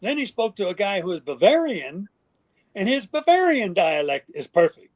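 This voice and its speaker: An older man, a guest in an interview, telling stories in a lively way and acting out what others said. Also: high voice, normal speed. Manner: animated, acts out quoted voices. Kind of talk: storytelling interview.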